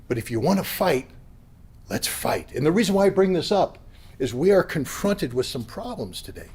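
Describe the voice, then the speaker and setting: A man giving an impassioned, blunt political speech at a convention, sometimes rising to a yell. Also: sits high, husky. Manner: blunt, combative, rising to yelling. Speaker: convention speaker. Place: convention hall.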